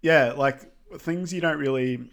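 A man co-hosting a podcast, summarizing a film in a relaxed way with frequent ums. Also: on the high side, unhurried. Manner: relaxed, filler-heavy with lots of ums. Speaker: podcast co-host. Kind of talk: casual film recap chat.

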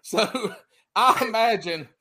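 Southern man, podcast host, slightly high and very lively voice, joking and cursing. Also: slow pace, crowd noise. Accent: Southern American. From American South. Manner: joking, laughs often, swears freely. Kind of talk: casual podcast banter.

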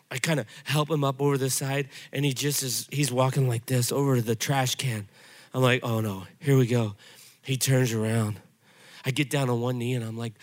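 A middle-aged man pastor giving a sermon, telling stories in an animated, conversational way. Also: mid-range voice, moderate pace.

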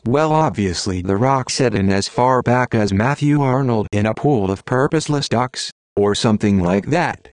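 Sweet naive college girl, read by a man in an audiobook, light, unhurried, dry. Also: mid-range voice, no echo, close to an everyday voice. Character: young female college student, naive and sweet. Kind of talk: audiobook narration of literary fiction.

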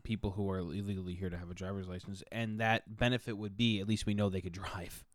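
A man co-hosting a casual podcast, insistent and repeating his point, quick to laugh. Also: sits low, level tone, no room sound, studio quality. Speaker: podcast co-host.

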